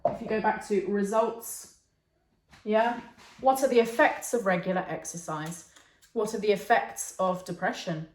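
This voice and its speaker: A woman teaching a lesson, patiently checking in with her learners as she explains. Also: mid-range voice. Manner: patient, checks in with okay and yeah. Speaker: English teacher. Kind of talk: online English lesson. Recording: echoey room.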